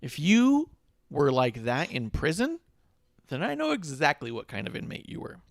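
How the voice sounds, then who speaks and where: A man's voice: a little high, wildly swooping pitch, moderate pace, creaky, no room sound. A man co-hosting a casual wrestling talk show, ranting with sarcasm and swearing freely. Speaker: podcast co-host.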